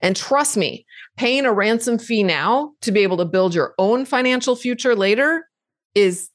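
A woman's voice: on the high side, expressive, moderate pace, no room sound. Frank woman giving advice, dry close sound. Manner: direct, conversational, emphatic repetitions. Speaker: podcast host answering listener questions. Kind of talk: live Q&A advice talk.

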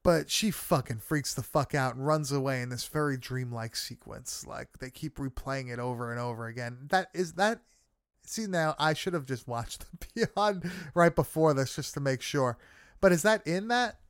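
A man's voice: mid-range voice, normal speed, clear, resonant tone, no room sound, clean studio sound. A man in casual chat, recapping a film with friends, swearing freely and laughing often. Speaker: podcast co-host recapping a film.

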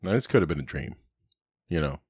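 A man's voice: very deep voice, animated, a little fast, darkish tone, slightly rough, no room sound, studio quality. A middle-aged man on a podcast, casually telling rambling stories full of swearing and laughter. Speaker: podcast host. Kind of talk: casual storytelling chat.

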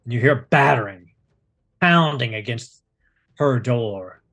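A man narrating a tabletop game as game master, unhurried and descriptive. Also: medium pitch, lively intonation, fairly bright tone.

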